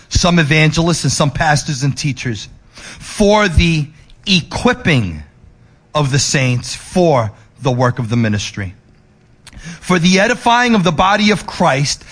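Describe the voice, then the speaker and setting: A male pastor preaching, moving between emphatic raised lines and soft, low ones, with restless repetitions and restarts. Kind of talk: sermon.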